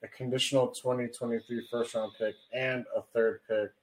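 A man's voice: mid-range voice, level tone, moderate pace, poor audio. A man co-hosting a podcast, answering in a laid-back, dry way with short replies. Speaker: podcast co-host. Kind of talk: casual chat.

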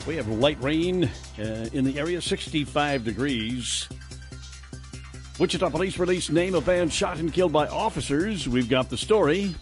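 A man anchoring a local morning radio newscast, reading the stories in a steady, measured way. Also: a little high, faint music behind. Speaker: news anchor.

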